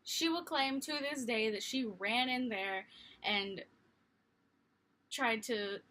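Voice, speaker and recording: Young woman vlogging, bright clear voice, a bit high, lively self-mocking storytelling. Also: takes it slowly. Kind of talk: casual storytelling.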